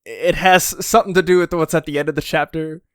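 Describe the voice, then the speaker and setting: On the high side and talking fast, a man with a smooth voice co-hosts a laid-back podcast, rambling through fillers and restarts. He performs quotes in lively character voices. The audio is clean studio sound with no room tone.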